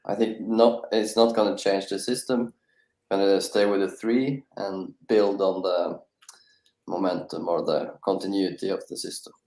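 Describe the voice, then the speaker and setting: A man guesting on a football podcast, answering in a hesitant, halting way. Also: low-pitched, level tone, a little mellow. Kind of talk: casual chat. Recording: roomy echo.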